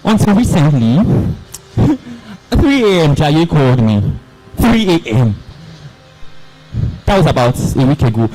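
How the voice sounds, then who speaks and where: Young guy doing a dramatic story piece, voice leaps all over, kinda high. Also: measured pace, pauses often, soft background music, poor audio. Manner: animated, theatrical, voices the characters. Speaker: spoken word performer.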